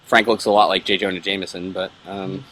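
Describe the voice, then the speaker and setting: A man's voice: deep voice, little pitch movement, fairly quick, pushed and bright, slight background noise. A man giving joking, giggly commentary over a game video.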